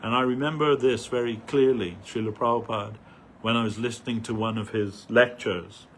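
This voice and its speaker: Earnest man preaching with halting pauses. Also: medium pitch, steady tone, fairly bright tone, a little hiss or hum. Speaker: devotee giving a festival talk. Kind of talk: sermon.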